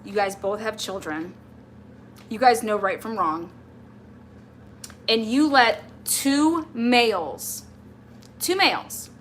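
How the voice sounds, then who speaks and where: A woman's voice: mid-range voice, a bit bright, slight background noise. Exasperated woman ranting on a livestream. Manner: exasperated, confrontational, addresses absent person directly. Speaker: livestream host.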